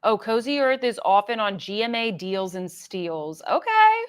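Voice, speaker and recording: A woman's voice: mid-range voice, very animated, unhurried, clean tone. Chatty woman reading live comments. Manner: chatty, reads viewer comments aloud, frequent fillers and laughs. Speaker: livestream host. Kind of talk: casual livestream chat reading comments.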